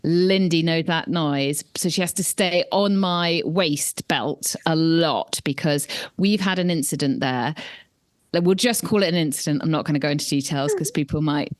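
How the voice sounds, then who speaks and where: A woman's voice: sits low, normal speed, no room sound. A woman in her forties, co-hosting a podcast in casual chat, telling stories in a chatty way and laughing often. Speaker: podcast co-host.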